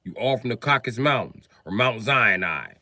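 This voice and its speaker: A man's voice: medium pitch, animated, moderate pace, sharp tone, dry recording. A man ranting on a livestream to his viewers, confrontational and swearing heavily. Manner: profane, confrontational, heavy swearing.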